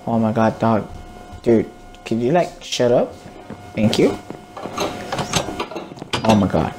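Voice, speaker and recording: A man's voice: mid-range voice, animated, unhurried, pauses often, mellow, slight background noise. A man casually commenting on his gameplay, grumbling, swearing and muttering to himself. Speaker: gamer. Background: game music.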